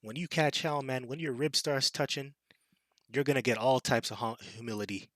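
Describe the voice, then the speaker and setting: Fiery man preaching scripture, bright voice. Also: mid-range voice, fairly even intonation, normal speed, no echo. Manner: fiery and taunting, with scornful impressions and laughs. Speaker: street preacher. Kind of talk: scripture sermon.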